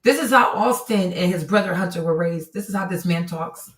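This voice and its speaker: A woman's voice: fairly low pitch, a little fast, reverberant. A woman hosting a commentary stream, talking bluntly and emphatically about clips she plays, often laughing.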